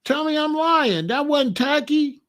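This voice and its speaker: A man's voice: extremely high pitch, lively intonation, unhurried, fairly bright tone. Guy ranting bluntly at his viewers, casual commentary. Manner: blunt, emphatic, talks straight to viewers.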